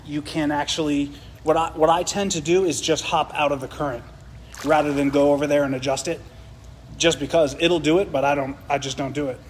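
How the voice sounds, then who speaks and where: A man's voice: on the high side, slight background noise. A man, still out of breath, chatting casually and reading viewer questions aloud. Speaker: co-host. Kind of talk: casual live demo chat.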